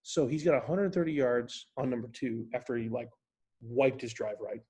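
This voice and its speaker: Podcast guest: man, gravelly husky voice, rambling storyteller, casual chat. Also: medium pitch, normal speed, mellow.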